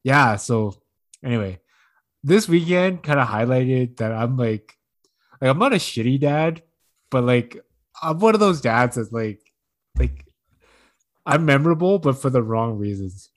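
On a podcast, a man tells a long, meandering, foul-mouthed story in casual conversation, laughing often and voicing quotes in a higher register. His delivery is expressive and measured, broken by long pauses.

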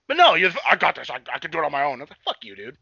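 Fast-talking young man, profane rambling recap. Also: on the high side, huge pitch swings, gravelly, sharp tone, slightly rough, dry recording. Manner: rambling, swears freely, acts out characters in quick voices. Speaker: podcast co-host. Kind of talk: casual profane chat recapping a TV episode. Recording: dull lo-fi sound.

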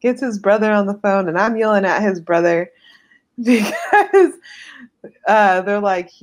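A young woman with a medium-pitched voice co-hosts a casual podcast chat, speaking a little slowly. She tells stories animatedly and swears freely.

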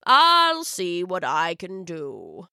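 A kindly old wizard, voiced by a woman, speaks slowly and warmly in a storybook tale. His voice sits lower than the narrator's own, wise and unhurried. The recording is dry and close. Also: wildly swooping pitch, clean tone, no echo, exaggerated voice. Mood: gentle. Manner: slow, deep, gentle and wise. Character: kindly old male wizard Father Frost. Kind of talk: storybook voice acting.

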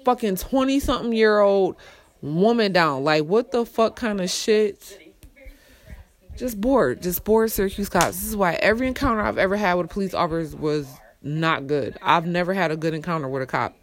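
A young woman tells her story as a casual, unfiltered rant. She swears constantly and talks bluntly. Her voice drops to low mutters and then jumps into loud, exasperated outbursts. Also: lively intonation, normal speed. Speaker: storyteller vlogger.

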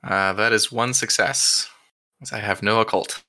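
A man's voice: lowish voice, steady tone, moderate pace, pushed and bright. A man playing in a tabletop game, joking playfully as he talks. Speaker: player. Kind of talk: casual tabletop role-play.

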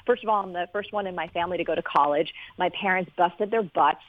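Energetic woman on a tinny, dry line. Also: fairly low pitch, fast, dry recording. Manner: energetic, earnest, animated storyteller. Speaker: guest, business coach. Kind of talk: personal storytelling in an interview.

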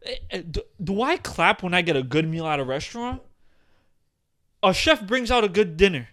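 A young man holds forth on a casual podcast, his voice sitting high and swooping up and down with every point. He talks emphatically and swears freely. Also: normal speed. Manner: animated, profane and emphatic. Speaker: podcast co-host.

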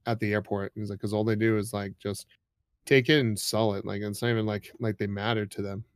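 In clean studio sound with no echo, a male podcast co-host chats casually, rambling and leaning on plenty of fillers. His voice sits on the low side with a clean tone and little pitch movement, and he talks a little fast.

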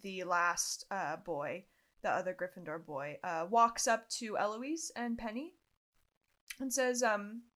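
A young woman player in a tabletop role-play who describes her character slowly and hesitantly, with many ums. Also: medium pitch, fairly even intonation, fairly bright tone.

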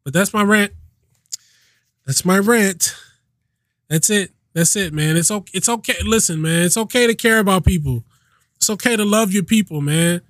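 A man's voice: high-pitched, moderate pace, pauses often, fairly bright tone, dry recording, studio quality. A man hosting his own podcast, ranting in a casual, emphatic way, repeating himself and swearing freely. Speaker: podcast host. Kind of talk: casual solo rant.

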